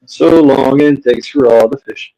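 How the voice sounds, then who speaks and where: A man's voice: mid-range voice, measured pace, mellow, no room sound, low-quality recording. Blunt man in casual chat, dry sound.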